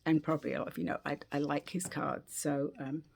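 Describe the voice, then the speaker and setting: A British woman giving a gentle, unhurried spiritual oracle card reading at home, with frequent fillers and restarts. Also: low-pitched, level tone, gravelly, breathy edge. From Britain.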